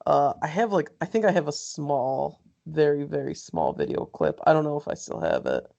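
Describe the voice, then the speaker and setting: Gravelly laid-back podcast co-host, man. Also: on the high side, big pitch swings, moderate pace, darkish tone, dull audio. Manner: laid-back, laughs often, quotes others. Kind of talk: casual chat.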